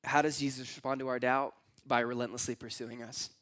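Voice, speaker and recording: A man's voice: mid-range voice, little pitch movement, a little fast, a bit bright. A young adult man preaching a conversational, earnest sermon as pastor, sometimes acting out voices in his stories.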